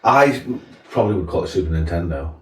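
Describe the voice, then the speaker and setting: Laughing man, lively, roomy sound. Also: sits low, quick pace, distant mic. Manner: jokey, laughs often, slips into silly put-on accents. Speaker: podcast co-host. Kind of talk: casual chat.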